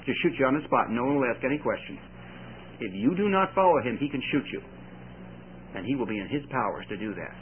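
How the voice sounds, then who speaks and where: A man preaching a sermon, telling stories with lively delivery and sudden shouted quotes. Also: medium pitch, brisk. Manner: animated storytelling with shouted quotes. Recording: tinny phone-like recording with faint hiss.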